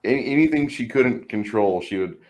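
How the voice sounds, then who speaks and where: A man's voice: mid-range voice, lively intonation, fairly quick, a little mellow. A man hosting a casual stream, chatting while painting miniatures, rambling and often repeating words. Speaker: stream host. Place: home.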